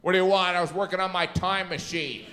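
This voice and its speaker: A man's voice: high voice, fairly even intonation, a little fast, background noise, pitched above the performer's own voice. A man voicing a grumpy, put-upon male pharmacist who talks curtly and impatiently. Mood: irritated. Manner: curt, impatient. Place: comedy stage.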